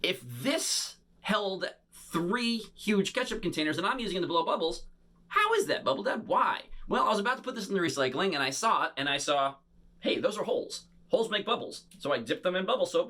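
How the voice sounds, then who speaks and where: A man performing an interactive bubble show for children, talking playfully to an unseen young audience. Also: on the high side. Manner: animated and showy.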